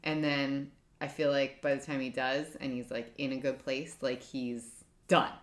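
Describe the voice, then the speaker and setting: A woman in her thirties with a low voice tells a long, rambling story in casual podcast chat. She leans on "like" between her phrases. The room behind her is echoey. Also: little pitch movement, a little slow. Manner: chatty storyteller, many "like" fillers. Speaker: podcast co-host.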